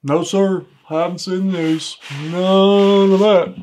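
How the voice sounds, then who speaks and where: A man plays a clueless border patrol officer in a comedy sketch, eager and deferential, saying sir at every turn. His voice sits high for a man, and he rambles through flustered excuses. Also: steady tone, slow, darkish tone, slight background noise.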